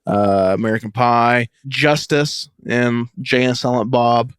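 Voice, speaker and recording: A man co-hosting a casual movie podcast, trading loose, profane remarks with a friend. His voice sits at an ordinary middle pitch. The recording is close and dry, with no room sound. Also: steady tone, measured pace, clean tone, no room sound. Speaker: podcast co-host. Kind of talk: casual movie commentary chat.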